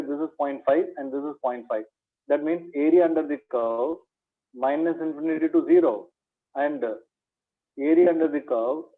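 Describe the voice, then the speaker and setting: Man, maths revision lecture, fairly high voice, repeats points as questions, thin phone-like sound. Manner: repeats points as questions to students, says "my dear". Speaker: maths teacher.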